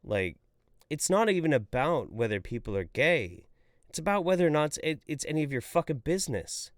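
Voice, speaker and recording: A man hosting a livestream, reading out viewer chats and ranting about them with profanity and exasperation. He swings between loud outbursts and mumbled asides. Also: on the high side, big pitch swings, brisk, dry recording, studio quality. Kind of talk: livestream commentary.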